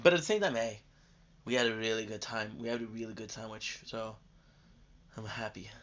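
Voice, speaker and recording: Brisk and a bit bright, with a voice on the low side, this man streams live gameplay while casually rambling. He's worn out and catching a cold, and his chatty talk is full of fillers and restarts. The stream audio is dull and lo-fi.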